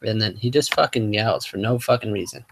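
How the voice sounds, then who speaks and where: A man's voice: fairly low pitch, a little fast, noisy background. Man host, casual hangout talk: profane, rambling, trips over words now and then. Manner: profane, rambling, full of fillers; sometimes stumbles over words. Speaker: motovlog host.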